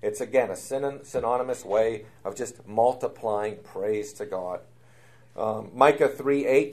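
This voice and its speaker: Middle-aged man teaching Scripture, animated emphasis, stumbles and restarts. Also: lowish voice, measured pace. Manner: animated, repetitive emphasis, frequent fillers and restarts. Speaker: Bible teacher. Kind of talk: Bible study teaching.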